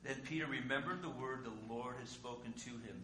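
A male pastor preaching a sermon conversationally, asking rhetorical questions and swinging between loud and quiet. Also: mid-range voice, normal speed. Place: church sanctuary. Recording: echoey room with faint hum.

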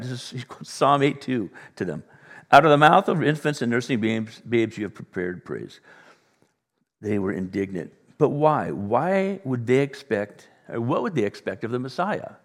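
A man preaching a sermon as pastor, animated, playing out the voices of the people he talks about. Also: medium pitch, moderate pace. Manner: animated, acts out voices of others. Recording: long reverb in a large room.

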